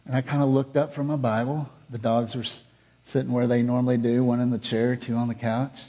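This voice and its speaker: A middle-aged male pastor preaching a sermon, telling a personal story earnestly, rising to fervent and dropping to hushed. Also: medium pitch, flat delivery, fairly quick.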